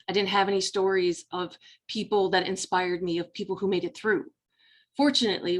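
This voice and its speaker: A middle-aged woman life coach telling her personal story in an earnest, motivational way, speaking straight to the listener. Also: lowish voice. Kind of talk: personal story told to camera.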